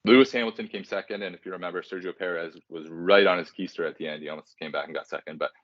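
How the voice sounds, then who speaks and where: Very low-voiced man rambling casually. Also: quick pace, no echo. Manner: rambling, self-deprecating, casual filler-heavy. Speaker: podcast co-host. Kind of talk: casual podcast chat. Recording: dry, dull lo-fi sound.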